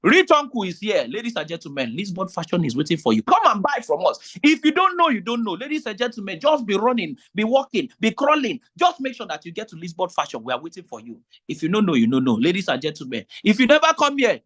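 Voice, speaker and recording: A woman doing a loud Nigerian hype announcer. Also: medium pitch, big pitch swings, fast talker. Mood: hyped, showy. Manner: brash, rhythmic market-crier chant in Pidgin.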